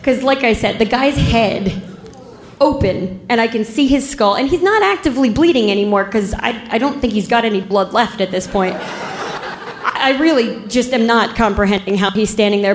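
A woman, a police officer, telling a story in an unhurried, wry way and laughing at the grim parts. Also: a little high, a little hiss or hum. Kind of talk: casual spoken storytelling. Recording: roomy echo.

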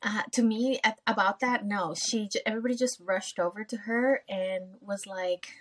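A podcast host tells a personal story in casual chat, speaking candidly, swearing freely and acting out her own past remarks as quoted asides. Her voice is medium-pitched and steady, at normal speed.

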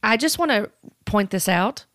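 A woman giving spoken commentary on church teaching, speaking in a measured, cautioning way. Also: medium pitch, animated, a bit bright, dry recording, studio quality.

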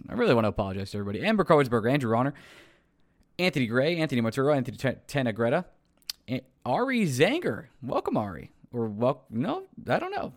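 A tired man, hosting a podcast outro, rambling and poking fun at himself as he trips over names. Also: medium pitch. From New York. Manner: rambling, self-mocking, stumbling over names. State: tired late at night. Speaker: podcast host.

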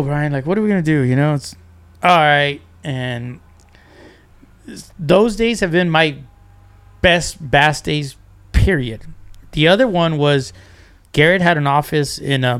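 A man's voice: on the high side, fairly bright tone, smooth. A man chatting as a podcast guest, telling fishing stories animatedly, acting out quotes and restarting often. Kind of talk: casual storytelling.

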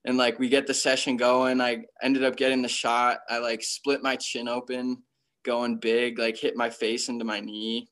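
A man's voice: medium pitch, level tone, normal speed, fairly bright tone. A young man from Connecticut telling stories about his career in a casual interview, full of slang and filler words. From Connecticut, USA. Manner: laid-back slang, constant "like" fillers. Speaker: professional freeskier, interview guest.

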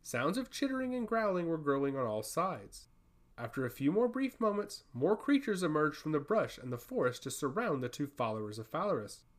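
A man narrating a fantasy story in an expressive storytelling manner. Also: on the high side, fairly quick. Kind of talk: audiobook fantasy reading.

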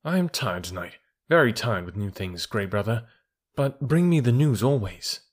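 A man's voice: medium pitch, expressive, moderate pace, natural voice. A man voicing a proud, thoughtful boy raised by wolves, speaking earnestly in old-fashioned words. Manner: earnest, archaic speech.

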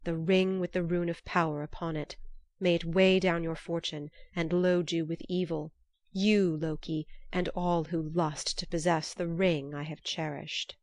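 Woman voicing a bitter shouting dwarf, greedy male hoarder, fairly low voice, dry sound. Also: level tone, unhurried, no echo, natural voice.

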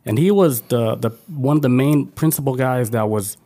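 Casting note: male podcast co-host, warm dark tone, casual, profane, filler-heavy delivery. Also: mid-range voice, moderate pace. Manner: loose and profane, lots of "like" fillers. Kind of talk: casual chat.

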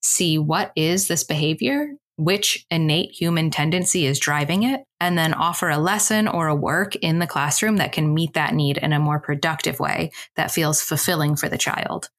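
A woman in her thirties talks through a parenting topic as a podcast host, speaking on her own. Her voice sits low, and her manner is chatty and candid, full of casual asides. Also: normal speed, few pauses, fairly bright tone. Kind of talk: solo podcast talk.

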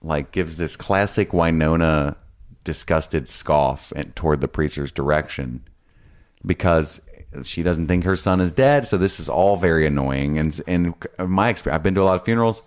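A man co-hosting a podcast, recapping and musing in a relaxed, rambling way with casual swearing. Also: rumbling low, moderate pace. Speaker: podcast co-host recapping episodes. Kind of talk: casual chat.

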